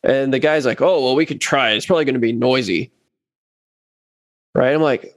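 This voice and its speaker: A man tells a story in casual chat and slips into other voices for the quotes, his pitch jumping up and down as he goes. His voice is mid-pitched and dry, recorded close with little room sound. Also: normal speed, dry recording. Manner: animated, acts out quotes of others. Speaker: bass player telling a story.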